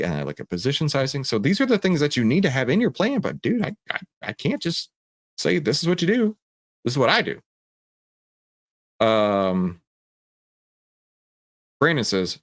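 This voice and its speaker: A man hosting a casual livestream, talking in an animated, digressive way and often interrupting himself. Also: fairly low pitch, no echo, studio quality. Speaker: host.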